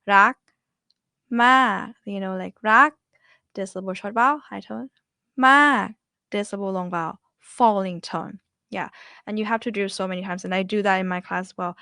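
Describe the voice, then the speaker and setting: A woman's voice: medium pitch, steady tone, fairly quick, creaky, pushed and bright, no room sound, studio quality. Chatty Thai-accented woman teaching tones. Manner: chatty, repeats words for drilling. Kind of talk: online language lesson.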